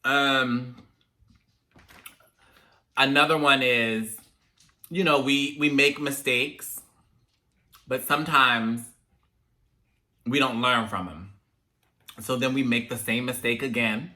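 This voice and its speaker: A young man hosting a casual talk video, telling animated stories about growing up in African American English. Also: mid-range voice, takes it slowly, long pauses. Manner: chatty, animated when telling parent stories. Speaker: host. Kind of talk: casual chat, storytelling to viewers.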